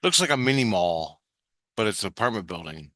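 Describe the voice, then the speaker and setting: A male vlogger with a fairly low, sing-song voice, speaking a little fast in a bright, forceful tone, casually recounts a vision of the spirit world. His dreamlike story meanders, with frequent restarts and offhand swearing. The recording is dry and studio quality.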